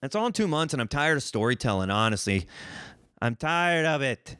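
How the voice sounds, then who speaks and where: A man's voice: medium pitch, lively intonation, normal speed, pushed and bright, clear, resonant tone, dry recording, clean studio sound. A man from Missouri hosting a solo podcast, rambling and joking with a profane, self-mocking streak. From Missouri, United States. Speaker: podcast host.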